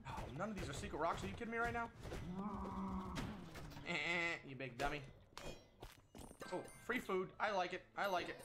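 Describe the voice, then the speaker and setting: Excitable male gameplay host, slightly high voice, lively delivery. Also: normal speed, long pauses. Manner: excitable, frequent exclamations, self-talk. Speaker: gaming channel host. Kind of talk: casual gameplay commentary. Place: at home. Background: game music.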